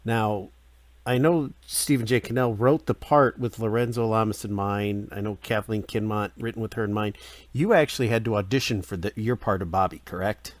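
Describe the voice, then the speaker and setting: Male interviewer, very low voice, dry close sound, chatty, eager. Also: moderate pace, no echo. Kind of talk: casual interview.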